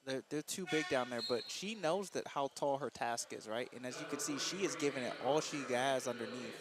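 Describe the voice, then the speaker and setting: A man giving color commentary on a live basketball radio broadcast, animated and chatty, often tossing in a "right?". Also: mid-range voice, fairly quick, crowd noise.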